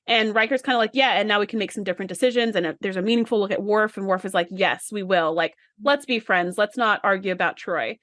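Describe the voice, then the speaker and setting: A woman's voice: medium pitch, fairly bright tone, dry recording, studio quality. A woman co-hosting a podcast in casual chat, retelling scenes and acting out the lines. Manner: chatty, acts out character lines in quick retellings. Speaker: podcast co-host.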